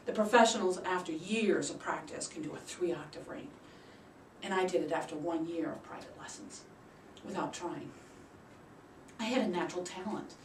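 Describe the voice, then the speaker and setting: A woman giving a prepared storytelling speech at a public speaking club. She acts out the quoted voices with big leaps in pitch and loudness. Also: a little hiss or hum. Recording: roomy sound from a distant mic.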